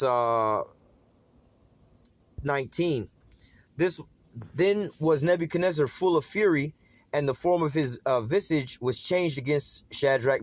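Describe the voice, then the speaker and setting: A man preaching an informal sermon in a casual, streetwise way, slowing down to read scripture aloud. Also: mid-range voice. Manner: casual and streetwise, calling listeners "man" and asking "all right?".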